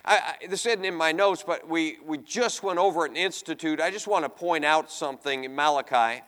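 A man preaching a sermon, reading scripture and acting out pleading voices with animated emphasis. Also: on the high side, brisk. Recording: long hall reverb.

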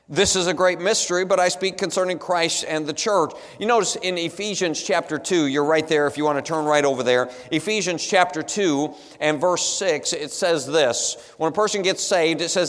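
Speaking at a moderate pace with an expressive, slightly high voice, this pastor delivers an emphatic sermon packed with rhetorical questions. The recording comes from a church sanctuary with long hall reverb.

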